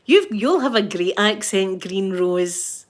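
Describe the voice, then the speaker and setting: A Scottish woman with a thick accent chats casually on a live stream. She is middle-aged and talkative, breaking into laughs and playful impressions. Her pitch sits at an ordinary middle height for a woman. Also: expressive, takes it slowly. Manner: chatty, laughs often, mimics voices. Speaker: ASMR livestream host.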